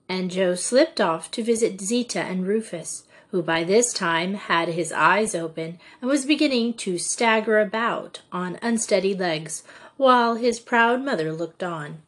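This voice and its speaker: A woman narrating an audiobook in a measured, unhurried way. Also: medium pitch.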